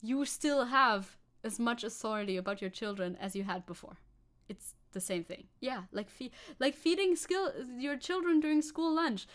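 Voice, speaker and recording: A woman's voice: a little high, expressive, moderate pace. A woman with a German accent giving sarcastic, casual commentary on a live stream, swearing freely. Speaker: VTuber streamer.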